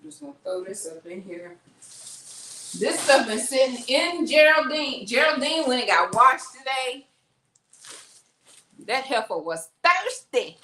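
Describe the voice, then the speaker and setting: This vlogger has a high, bright, forceful voice that is very animated, though she talks a little slowly and pauses often. She rambles casually to "y'all" while unpacking groceries at home in her kitchen. There's an echoey room sound and faint noise.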